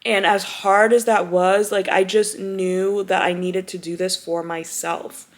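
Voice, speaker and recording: A woman's voice: medium pitch, little pitch movement, unhurried. Heartfelt young woman vlogging, near tears. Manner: heartfelt, close to tears, lots of "like" and "you know"; casual, chatty, calls viewers "y'all" and "girl". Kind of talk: emotional personal vlog talk to camera.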